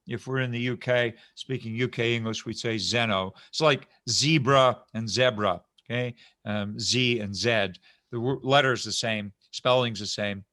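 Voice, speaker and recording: A man's voice: medium pitch, fairly bright tone, no room sound, clean studio sound. A middle-aged man giving an online philosophy lecture, talking in a discursive way with restarts and frequent checks that students are following. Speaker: philosophy professor.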